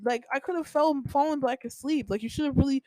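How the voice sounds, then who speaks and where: Girl doing her mom's voice, high and whiny, always defending herself, dry mic. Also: quick pace, darkish tone, dry recording, lightly acted, poor audio. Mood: accusing. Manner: whiny, protesting, self-justifying. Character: exasperated defensive middle-aged mother.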